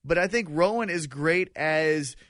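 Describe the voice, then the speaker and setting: A man's voice: on the high side, animated, measured pace, fairly bright tone, dry recording, studio quality. A man co-hosting a casual podcast, giving wry, opinionated takes with some profanity. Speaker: podcast co-host.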